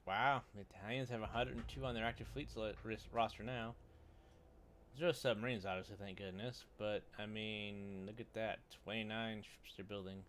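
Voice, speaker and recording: A man's voice: lowish voice, steady tone, moderate pace, fairly bright tone, a little hiss or hum. Grumbling man narrating his strategy game. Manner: mutters to himself, chuckles, grumbles at the game. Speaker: gaming YouTuber. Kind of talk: casual let's-play commentary.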